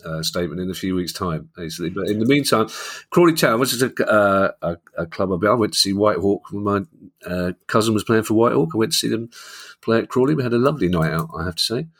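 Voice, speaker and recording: A man's voice: on the low side, animated, quick pace. A man with a London accent co-hosting a football finance podcast, chatting casually and telling jokey stories. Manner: jokey, anecdotal. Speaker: podcast co-host. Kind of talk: casual chat.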